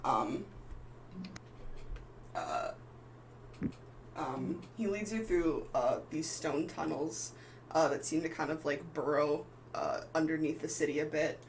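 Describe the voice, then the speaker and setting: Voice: mid-range voice, slight background noise, low-quality recording. A game master narrating a live tabletop game in a loose, rambling way with many fillers.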